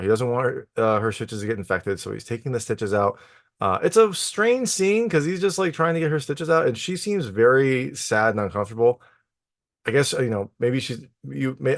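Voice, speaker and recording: A man's voice: medium pitch, no room sound, studio quality. A man giving a casual, filler-heavy spoken recap of a film's plot as a reviewer. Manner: retells the plot loosely with many fillers and acted-out quotes. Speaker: film reviewer.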